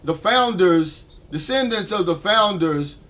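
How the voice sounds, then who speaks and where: An older man talks straight to camera in a loose, conversational vlog. He sounds fed up and heated, with a voice that sits a little high for a man. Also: lively intonation, measured pace, fairly bright tone. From United States. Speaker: vlogger. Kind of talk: casual monologue to camera.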